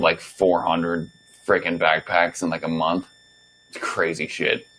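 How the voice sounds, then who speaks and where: A young man hosting a podcast, telling a story from his past jobs in a loose, animated, swear-filled way and acting out what he said back then. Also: low voice, low-quality recording. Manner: animated, profane, acts out his own past lines. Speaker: podcast host. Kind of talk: casual storytelling monologue.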